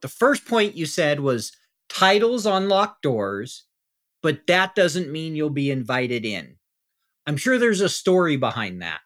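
A man's voice: a little high, fairly bright tone. A man hosting an interview podcast, affirming his guest and thinking aloud in a conversational way. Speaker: podcast host.

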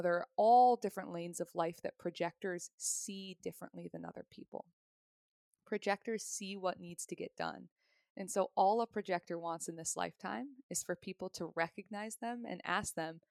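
A woman's voice: lowish voice, normal speed, vocal fry, a little mellow, smooth, no echo, clean studio sound. A woman, likely in her thirties, chatting as a podcast guest, explaining ideas in a friendly, talkative way and laughing often. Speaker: podcast guest, human design reader. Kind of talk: casual podcast conversation.

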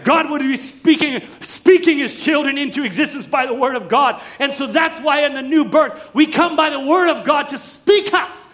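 High-voiced man preaching a sermon. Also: normal speed, few pauses. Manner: emphatic, swinging between loud preaching and quiet asides.

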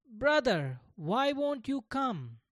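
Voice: very animated, moderate pace, dry recording, lightly acted. A storyteller voicing an innocent, earnest young boy in a children's storybook. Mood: calling out. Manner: pleading, high and earnest.

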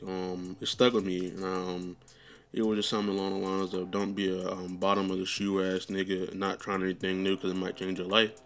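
A young man with a somewhat low voice talks loosely on his podcast, drifting from thought to thought with plenty of ums and casual swearing. Soft music plays faintly in the background. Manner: rambling, loose and profane, full of fillers. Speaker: podcast host. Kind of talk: casual chat.

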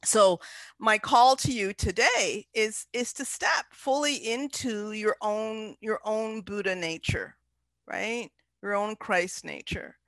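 A woman's voice: medium pitch, slow, fairly bright tone, dry recording. A woman speaking earnestly and from the heart as a podcast guest, with some fillers and restarts. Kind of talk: inspirational podcast talk.

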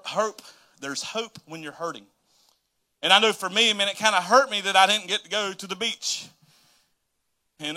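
A man, preaching as pastor and telling a story with animated, dramatic asides. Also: fairly high pitch. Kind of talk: storytelling sermon.

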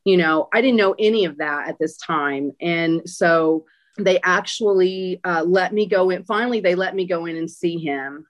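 A woman's voice: on the low side, moderate pace. A woman giving an interview, retelling a personal experience emphatically with many fillers. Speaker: interview guest. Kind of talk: personal account in a conversational interview.

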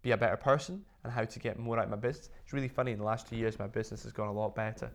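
A man being interviewed as a guest, telling stories in a lively way and filling his speech with "like". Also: lowish voice, racing. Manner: animated storytelling, full of "like" fillers. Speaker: interview guest, business owner. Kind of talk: casual interview chat.

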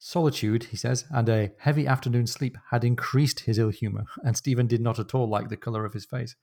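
A mid-pitched man co-hosts a book podcast. He mixes plot summary with dry asides and thoughtful points about the characters. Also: fairly even intonation, fairly quick, creaky, darkish tone. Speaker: podcast co-host. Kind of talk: casual book discussion.

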